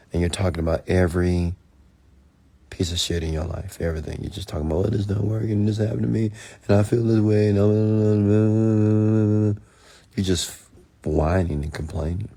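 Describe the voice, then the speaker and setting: Deep gravelly guy going off on a late-night motivational rant, blunt and preachy, swears a lot. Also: darkish tone, no room sound. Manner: mimics whiny voices mockingly. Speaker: entrepreneur and mentor.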